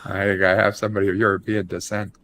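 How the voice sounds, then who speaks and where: Low-voiced man hosting a joking chat. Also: little pitch movement, quick pace, a bit bright. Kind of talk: casual panel chat.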